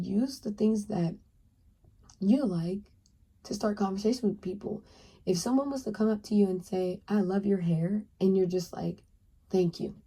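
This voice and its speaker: A young woman in her twenties talks through a tarot reading in an easy, chatty way. Her voice is soft and breathy, with a very mellow, dark tone. She often slips into a higher voice to act out small conversations. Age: 20s. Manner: chatty, acts out little dialogues in a higher voice. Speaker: tarot reader. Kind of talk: casual pick-a-card advice talk.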